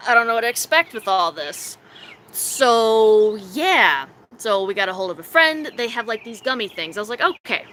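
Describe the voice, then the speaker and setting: Young woman streaming off her phone, bright slightly high voice, giggly and animated storytelling, faint hiss behind. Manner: animated, giggly, acts out her own quotes in a silly high voice. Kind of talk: casual live-stream storytelling.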